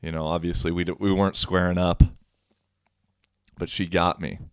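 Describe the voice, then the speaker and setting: A man's voice: sits low, little pitch movement, moderate pace, clear, resonant tone, no echo, studio quality. A young man hosting a podcast, telling a story casually, with rambling fillers, restarts and a wry tone. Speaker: podcast host.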